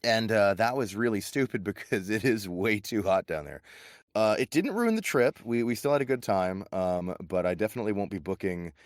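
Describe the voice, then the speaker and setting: Voice actor guest, man from the US, very low smooth voice, animated and laughing, dry sound. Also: normal speed, no echo. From United States. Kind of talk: casual podcast chat.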